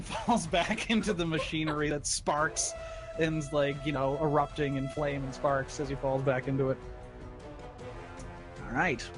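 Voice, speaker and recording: A man narrating as game master, laid-back and often chuckling. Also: fairly high pitch.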